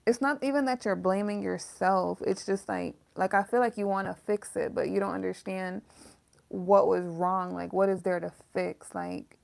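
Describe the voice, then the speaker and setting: A woman's voice: medium pitch, steady tone, normal speed, gravelly, darkish tone. A woman giving a casual, emotional tarot reading, talking straight to her viewers with some swearing. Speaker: tarot reader.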